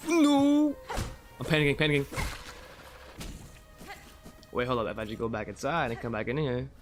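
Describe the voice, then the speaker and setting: A young man streaming a video game, ranting and swearing in exasperation, swinging from low mutters to high yelps. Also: brisk. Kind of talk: live gameplay commentary. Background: game music.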